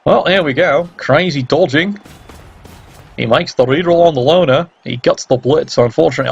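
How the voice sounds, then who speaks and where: A man's voice: fairly high pitch, moderate pace, creaky, husky, muffled recording. A man giving casual play-by-play game commentary, sardonic and teasing, swearing freely.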